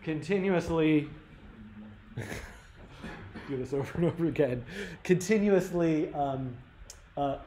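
A man's voice: fairly high pitch, slow, pauses often, dark tone. A man teaching a live-coding workshop, thinking aloud with lots of fillers and restarts. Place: workshop room. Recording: roomy live-stream audio with faint room noise.

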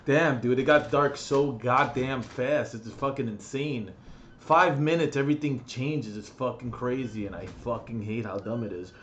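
A man's voice: medium pitch, moderate pace, fairly bright tone, muffled recording, a little hiss or hum. A young man ranting brashly in a comedic gaming vlog from his bedroom, crude and mocking, swearing constantly. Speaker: gaming vlogger.

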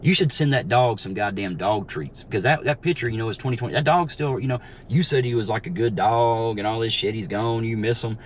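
A man's voice: medium pitch, fairly quick, hardly any pauses. A man ranting heatedly and mockingly while driving around, swearing constantly, recorded inside his car. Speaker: vlogger. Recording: faint road noise in a car. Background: faint vehicle noise.

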